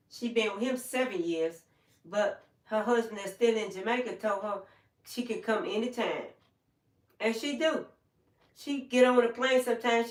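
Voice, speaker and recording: Heard from a distant mic, a medium-pitched older woman runs a casual home live stream. The room sounds open, and she wanders through anecdotes, performing the voices of the people she quotes.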